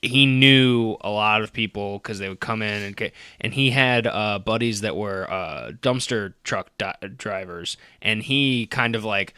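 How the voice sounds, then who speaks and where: A man's voice: fairly low pitch, unhurried, few pauses, sharp tone, smooth, no echo, studio quality. A man co-hosting a podcast in casual chat, rambling with fillers and laughing often. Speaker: podcast co-host.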